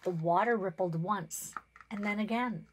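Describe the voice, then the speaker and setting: A woman's voice: mid-range voice, a little hiss or hum, poor audio. Give me a woman author reading a children's story aloud. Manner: expressive, measured storytelling.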